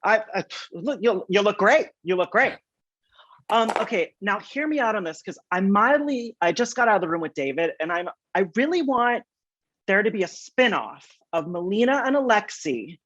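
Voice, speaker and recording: A man hosting an entertainment interview, playful and excitable, teasing his guests. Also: sits high, normal speed. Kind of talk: casual interview chat. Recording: muffled lo-fi sound.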